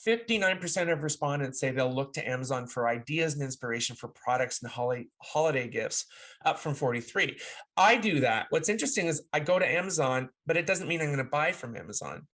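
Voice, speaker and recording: A man co-hosting a casual podcast, talking in an animated, playful way and thinking out loud with frequent restarts. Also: on the high side, a little fast. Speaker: podcast co-host.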